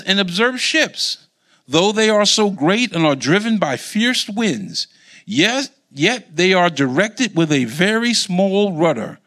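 Man preaching, high voice, bright, quizzing the congregation. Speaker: Bible teacher. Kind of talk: sermon with call-and-response.

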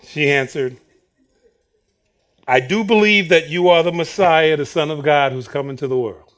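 A man's voice: on the high side, moderate pace. A man preaching a sermon, acting out the Bible characters' words with bursts of laughter. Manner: animated, acts out Bible quotes with laughter.

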